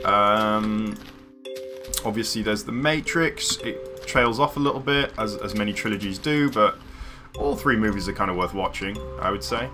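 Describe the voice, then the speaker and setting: Music plays in the background as this fairly low-voiced man talks at a measured pace. He's a gaming streamer from the London area, rambling loosely through livestream chat and frequently filling pauses or starting his sentences over.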